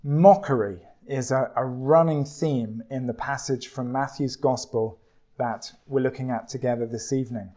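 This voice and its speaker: Guy preaching a sermon, takes his time, mid pitch, reads scripture out. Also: mellow. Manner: measured, deliberate delivery with storytelling asides.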